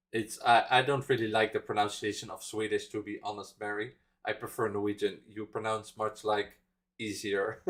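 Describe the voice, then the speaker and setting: A man's voice: on the low side, fairly bright tone. A man with a Dutch accent chatting casually as a reaction streamer, rambling through explanations with many fillers and chuckles. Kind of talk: casual live reaction chat.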